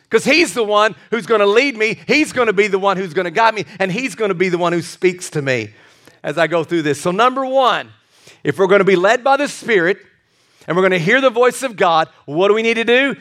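High-voiced animated male pastor preaching. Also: moderate pace. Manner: animated storytelling, acts out quoted voices; drops to a soft hushed voice for tender moments. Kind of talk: sermon.

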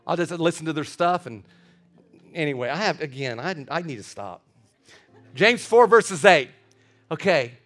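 A middle-aged man preaching a sermon in an animated way, often stammering over repeated words and laughing. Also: a little high. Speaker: pastor.

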